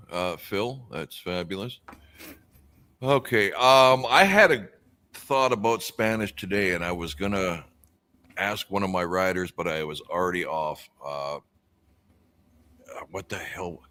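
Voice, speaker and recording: A man with a very low, deep voice chats casually on a live stream. He reads viewer comments and rambles through his own musings, with plenty of ums and uhs along the way. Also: expressive, measured pace, pauses often, sharp tone. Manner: rambling, musing aloud with many fillers. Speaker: stream co-host reading out chat comments.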